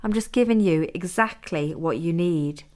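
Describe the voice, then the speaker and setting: A woman voicing a confident, teasing young woman who holds a man captive, speaking in a silky soft voice. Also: fairly low pitch, normal speed, lightly acted. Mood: cool. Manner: cool, confident, mocking.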